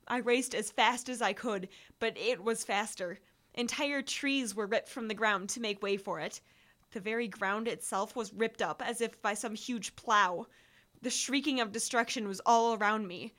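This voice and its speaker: A woman's voice: on the high side, normal speed, a bit bright. A woman reading a first-person story aloud, building to breathless urgency in the action. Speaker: audiobook narrator.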